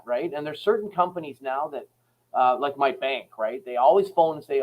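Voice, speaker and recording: A man's voice: a little high, normal speed. Frank Canadian man, dull lo-fi sound. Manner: rambling, frank, animated storyteller acting out phone calls. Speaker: guest, sales company head and author. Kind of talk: casual podcast interview.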